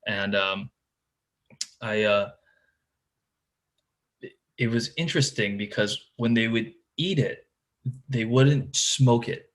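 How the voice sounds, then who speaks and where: A man with a lowish voice tells a tournament fishing story as a podcast guest, speaking slowly with long pauses. It's casual, loaded with "like" and "dude," and he often restarts sentences and repeats words.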